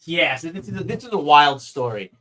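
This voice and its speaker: An excited man chatting on a casual live stream, stopping and restarting his sentences as he gushes. His voice is somewhat high for a man. He speaks in quick bursts of enthusiasm. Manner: enthusiastic, halting, lots of fillers.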